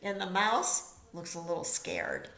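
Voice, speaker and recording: Teacher lady reading a kids' book, slow and sing-songy, echoey room. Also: lowish voice, a little hiss or hum. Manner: expressive, pauses to comment to children. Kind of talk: reading a picture book aloud.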